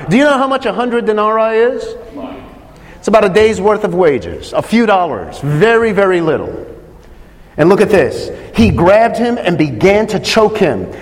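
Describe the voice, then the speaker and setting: A man's voice: high voice, long reverb tail. A man preaching a sermon, reading a parable and asking his listeners rhetorical questions.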